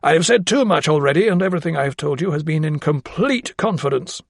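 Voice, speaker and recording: A man voicing a solemn, guarded elderly gentleman of science, formal and emphatic, in an audiobook. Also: expressive, fast talker, creaky, dry recording, studio quality. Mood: stern. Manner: emphatic, formal and raised in pitch.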